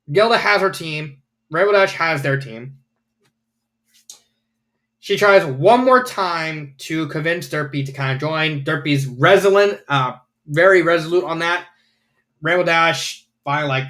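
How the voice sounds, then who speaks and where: A man's voice: a little high, fairly bright tone. A man casually reviewing fanfiction, rambling with lots of fillers and the odd swear word.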